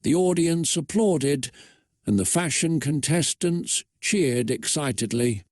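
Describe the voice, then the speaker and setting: A man's voice: fairly high pitch, expressive, slow pace, darkish tone, dry recording. Man narrating in a dry, close voice. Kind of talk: comedic reading of AI fan fiction.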